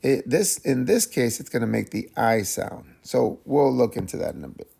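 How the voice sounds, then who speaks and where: A young man teaching a casual phonics lesson, sounding out letters slowly with many pauses and fillers. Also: mid-range voice, very animated, vocal fry, dark tone, breathy edge. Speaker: reading teacher.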